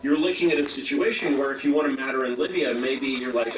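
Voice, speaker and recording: A man's voice: mid-range voice, fast, hardly any pauses, echoey room, far from the mic, very noisy. A man speaking as an interview guest, rambling with many fillers and acting out quotes. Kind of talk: casual interview talk.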